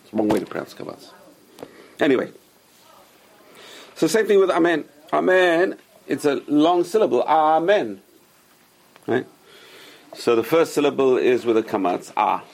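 A man with a gravelly, husky voice leads a casual class, insistent and repetitive as he drills his students on pronunciation. His tone is that of a teacher explaining the same point several ways. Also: medium pitch, lively intonation, normal speed, long pauses, darkish tone. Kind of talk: casual religious lesson to a small class.

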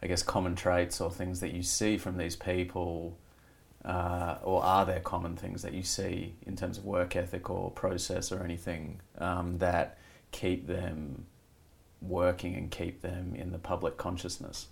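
Male interviewer, very deep and gravelly, flat delivery, measured questions. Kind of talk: podcast interview.

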